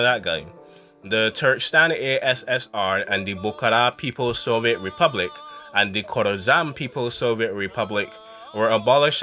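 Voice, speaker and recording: A man's voice: mid-range voice, bright, forceful tone. A man hosting a loose, self-mocking history narration, stumbling and correcting himself as he goes. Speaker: channel host. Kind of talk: casual improvised history narration.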